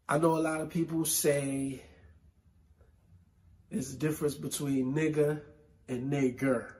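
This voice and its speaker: A man from New York City hosting a solo hip hop show, with a New York accent, talking slowly and emphatically in casual commentary. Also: a little high, a little mellow. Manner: slow, emphatic, conversational with repetition. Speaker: podcast host.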